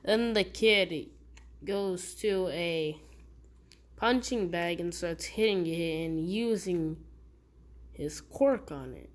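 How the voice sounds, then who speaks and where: Woman storyteller, casual fan-fiction telling; slow, rambling, self-correcting. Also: fairly low pitch.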